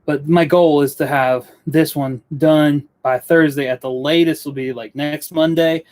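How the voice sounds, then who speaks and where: Speaking at a measured pace, this young Western North Carolina man has a slightly high, steady, somewhat mellow voice. He's a woodworking YouTuber on a live stream, talking casually to viewers from his indoor studio. His manner is earnest and rambling, and he often cuts himself off.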